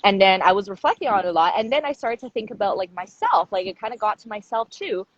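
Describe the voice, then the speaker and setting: Chatty woman telling an animated story. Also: mid-range voice, fast, dull audio. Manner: animated, laughing, with lots of "like" and restarts. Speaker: podcast co-host telling a story. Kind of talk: casual storytelling chat.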